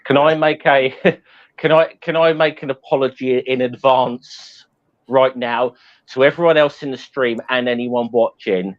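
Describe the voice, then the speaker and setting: A man's voice: mid-range voice, steady tone, measured pace, dull audio. A man co-hosting a podcast in casual chat, stumbling and apologetic. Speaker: podcast co-host.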